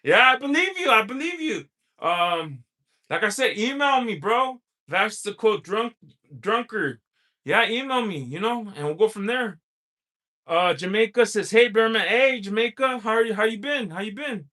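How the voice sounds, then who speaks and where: A man's voice: high-pitched, lively intonation, moderate pace, pushed and bright. A man hosting a casual livestream, reading viewers' chat messages aloud and answering them in a rambling, chatty way, laughing often and drifting into long stories.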